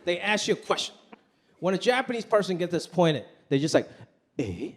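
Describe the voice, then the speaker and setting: A male stand-up comedian performing live on stage, with a punchy, animated delivery full of voice impressions. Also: sits high, quick pace. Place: stage in front of a live audience. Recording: noisy live stand-up recording.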